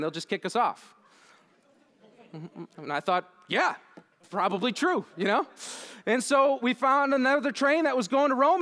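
Young guy doing a keynote, high voice, acts out his own lines, self-deprecating and funny. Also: a bit bright. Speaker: keynote speaker. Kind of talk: storytelling conference keynote. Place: conference hall.

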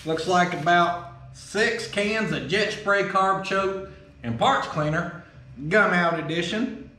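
A man hosting a casual vlog, folksy and excitable, swearing casually as he opens fan mail in his workshop. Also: high-pitched, slow pace. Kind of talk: casual chat. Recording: roomy echo.

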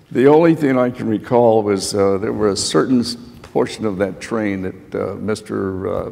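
This older Medal of Honor recipient has a gravelly, low, slightly mellow voice. Speaking on an auditorium panel, he spins folksy, meandering anecdotes for students, leaning on plenty of fillers while the hall echoes around him.

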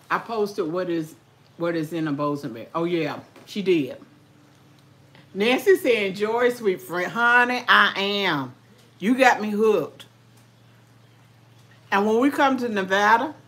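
A woman's voice: on the low side, a bit bright. An older woman, chatting casually with viewers while eating, folksy and talkative. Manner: folksy, chatty, talks with mouth full. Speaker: vlogger.

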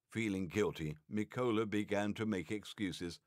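A man narrating a game's story in an expressive storybook way. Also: fairly low pitch, moderate pace, no echo, clean studio sound.

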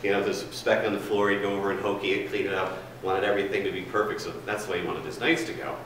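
A man with a lowish voice rambles through a chatty story, full of fillers, before shifting into running a staff training session. He stands well away from the microphone in a big, very echoey room. A faint hiss of noise sits underneath. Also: steady tone, rapid-fire, a bit bright, recorded from a distance. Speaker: food and beverage trainer. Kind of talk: storytelling, then presenting to a room.

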